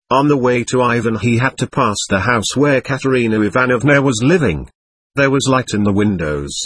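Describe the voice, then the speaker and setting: Man, audiobook narrator, husky, lively pitch, dry close sound. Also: no echo. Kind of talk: scripted narration.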